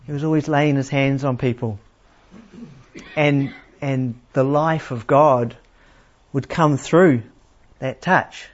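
A man preaching a sermon in a plain, unhurried teaching manner, asking his listeners questions. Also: mid-range voice, steady tone. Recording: slightly dull, lo-fi sound.

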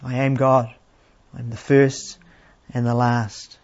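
Unhurried male preacher, slightly muffled. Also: medium pitch, little pitch movement, darkish tone. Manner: plain, unhurried teaching with rhetorical questions. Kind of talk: sermon. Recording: slightly dull, lo-fi sound.

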